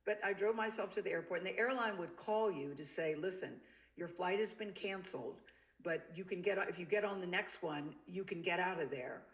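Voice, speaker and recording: A woman telling a personal story in an interview, bringing each quoted voice to life as she goes. Her delivery is lively and expressive. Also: lowish voice, brisk. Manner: animated, acts out the quoted voices. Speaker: interview guest.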